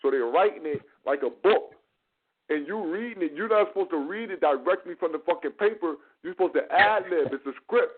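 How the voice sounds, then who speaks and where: A man hosting a casual chat, telling stories in a profane, animated way and mimicking the people he quotes. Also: fairly high pitch, a little fast, slightly rough. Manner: profane, animated storytelling with mocking quoted voices. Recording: tinny phone-like line.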